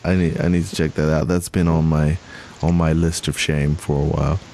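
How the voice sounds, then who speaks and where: Deep-voiced man rambling on a podcast. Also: flat delivery, brisk, a little mellow. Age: young adult. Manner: rambling, self-correcting, laughs often. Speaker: podcast co-host. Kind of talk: casual chat. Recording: faint hiss.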